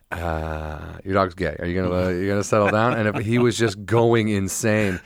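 A man's voice: on the low side, brisk, clean tone, no echo, studio quality. A young man co-hosting a podcast, telling rambling jokey stories in casual chat. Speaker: podcast co-host.

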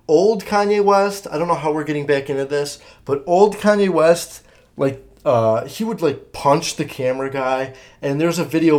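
A young man runs his own podcast, spinning stories in a meandering, profanity-laced way packed with filler words. His voice is fairly high and slightly mellow, and this is a relaxed solo monologue.

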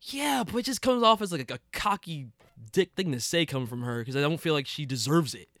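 A young man co-hosting a casual podcast chat, opinionated and animated, swearing and laughing often. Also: on the high side, brisk, no echo, studio quality. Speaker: podcast co-host. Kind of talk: casual chat about superhero movies.

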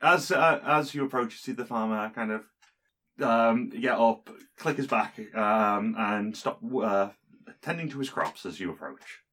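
Hesitant male game master, low voice. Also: lively intonation, unhurried, fairly bright tone. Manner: hesitant, many ums and restarts. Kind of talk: narrating a tabletop game.

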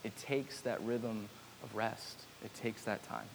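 A man's voice: lowish voice, fairly even intonation, slow, vocal fry. A man delivers a casual, conversational sermon, dropping in nerdy self-deprecating jokes between his points. His voice carries a long reverb tail from a large hall. A faint hiss sits under the recording. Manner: casual, chatty preaching with self-deprecating humor. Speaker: pastor.

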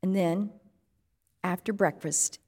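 A woman pastor giving a sermon, measured and reflective, posing strings of rhetorical questions. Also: on the low side, a little mellow, slightly rough, big-room sound.

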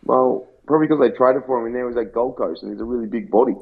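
An Australian man co-hosts a casual sports podcast, trading brash, sweary banter. His medium-pitched voice is fast, creaky, and a bit breathy, heard over a tinny, phone-like line.

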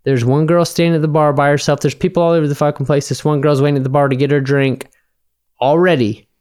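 A man's voice: on the high side, level tone, fast, a little mellow, clean tone. Man, casual drunken chat, profane, rambling, resonant voice. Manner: rambling, profane storyteller acting out bar dialogue.

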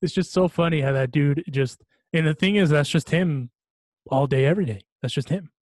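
A man's voice: a little high, brisk, a little mellow, no echo. Rambling chatty man, dry close sound. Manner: rambling, laughing often, many restarts and fillers. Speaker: podcast host. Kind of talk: casual chat.

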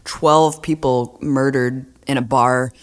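A woman's voice: a bass voice, steady tone, takes it slowly. A woman co-hosting a political podcast, casual and sarcastic, slipping into mocking voices when she quotes people. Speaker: podcast co-host.

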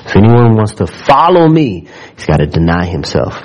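A man's voice: fairly low pitch, sing-song, moderate pace, darkish tone, poor audio. A man preaching a sermon in a church, reading scripture aloud and building in fervor as he speaks to the congregation. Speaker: pastor.

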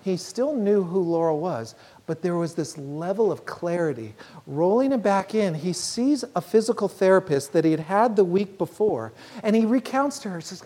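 A woman preaching a sermon, telling a story in an earnest, measured way and slowing down on key phrases. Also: on the low side, animated, warm tone.

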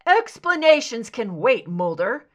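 Protective worried man, voiced by a woman, earnest, emphatic, lively pitch. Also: unhurried. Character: worried, caring adult man, protective boyfriend.

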